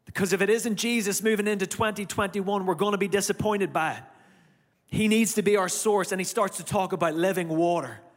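A man's voice: high voice, steady tone, fairly quick, long reverb tail. A man with an Irish accent that has gone slightly American, preaching a sermon in a conversational way, with asides to the congregation. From Ireland. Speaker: pastor.

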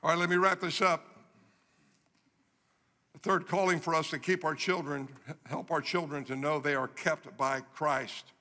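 A man's voice: a little high, flat delivery, unhurried, bright, forceful tone. A middle-aged man preaching a sermon, telling stories animatedly and repeating phrases for emphasis. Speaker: guest preacher. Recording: long reverb of a large hall.

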